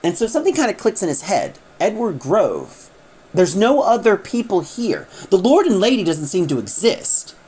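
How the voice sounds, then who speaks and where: A woman's voice: mid-range voice, sing-song, moderate pace, mellow, breathy edge. A woman casually retelling a story in a chatty way, acting out the characters as she goes.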